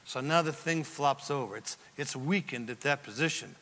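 A man preaching a sermon as a pastor, telling the story in a lively, joking way and acting out the quotes. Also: mid-range voice, normal speed. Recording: long hall reverb from a large room.

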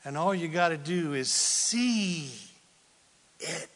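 Animated high-voiced man preaching in a hall. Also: takes it slowly. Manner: animated, acts out Bible scenes with casual voices. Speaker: pastor. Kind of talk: sermon.

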